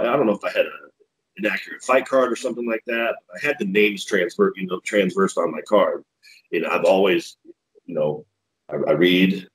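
Man, ring announcer, deep voice, slightly husky, laid-back, profane, self-deprecating. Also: rough recording. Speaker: MMA ring announcer, guest. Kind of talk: casual podcast storytelling.

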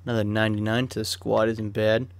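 A man's voice: lowish voice, little pitch movement, fast, creaky, no echo. A young man giving casual, chatty commentary on a football video game as he opens card packs, swearing freely and flaring up in sudden rants. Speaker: gaming YouTuber.

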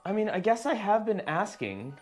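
A man filming a ghost-hunting vlog alone indoors in an old house, gently reassuring an unseen spirit and sometimes jumping with startled outbursts. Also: sits high, very animated, normal speed, faint music behind. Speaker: paranormal investigator.

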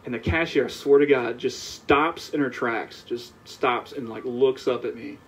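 A man from the American South, a guest on a podcast, telling animated stories in casual chat. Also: medium pitch, moderate pace. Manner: animated storyteller, laughs while telling anecdotes. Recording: slightly dull, lo-fi sound.

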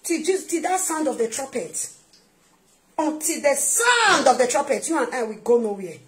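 A woman minister with a Nigerian accent, preaching an emphatic sermon-style video message that repeats its points and swings between soft asides and loud outbursts. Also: high voice, expressive, normal speed.

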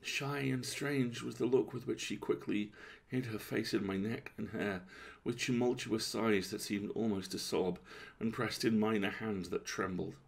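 A man reading a classic story aloud as a bedtime story, in a calm, measured, gravelly voice. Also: on the low side.

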